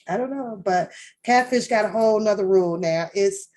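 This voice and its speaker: A woman's voice: medium pitch, moderate pace, darkish tone. Rambling, profane woman commenting. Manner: rambling, profane, laughs often, many restarts. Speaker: reaction channel host. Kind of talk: casual commentary on a reality show.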